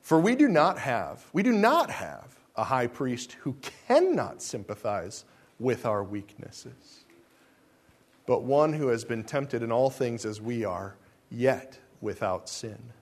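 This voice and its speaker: A man preaching a sermon, asking the congregation rhetorical questions and swinging between soft, slow lines and loud ones. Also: medium pitch, very animated. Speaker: pastor.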